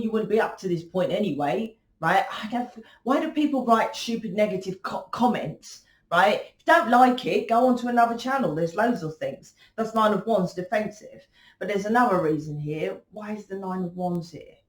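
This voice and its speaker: A woman giving a blunt, confrontational tarot reading, swearing freely and lecturing the listener. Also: mid-range voice. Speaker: tarot reader. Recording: echoey room.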